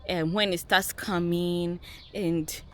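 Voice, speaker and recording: A woman's voice: lowish voice, fairly even intonation, takes it slowly. A woman vlogger telling a personal story to her viewers in an emphatic way, repeating key words and calling them guys.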